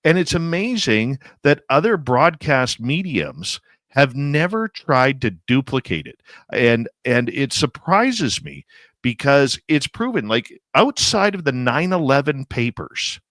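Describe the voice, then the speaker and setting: A man's voice: mid-range voice, sing-song, measured pace, a bit bright, no room sound. A male radio host talks with opinionated emphasis in a middle register. His voice is dry and close, with no room around it. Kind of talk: casual radio interview chat.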